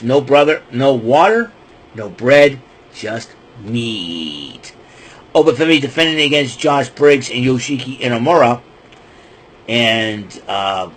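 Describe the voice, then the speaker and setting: Husky man rambling through a wrestling recap. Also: mid-range voice, fairly bright tone, poor audio. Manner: rambling, loose retelling with fillers and restarts. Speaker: podcast host.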